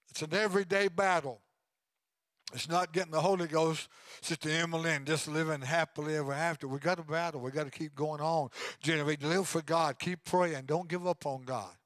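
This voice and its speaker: High-voiced older male preacher, dry sound. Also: no echo. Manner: swings between loud preaching and low, quiet asides. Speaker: pastor. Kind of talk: sermon.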